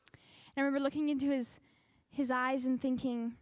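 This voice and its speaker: Woman, high voice, animated storytelling, dry close sound. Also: moderate pace, dry recording. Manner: animated storytelling, acting out quotes. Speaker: speaker at a faith convention. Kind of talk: personal testimony talk.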